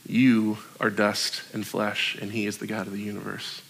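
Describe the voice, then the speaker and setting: A young adult man preaching a sermon as a pastor, conversational and joking, with quick asides. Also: fairly low pitch, flat delivery, gravelly, fairly bright tone, husky.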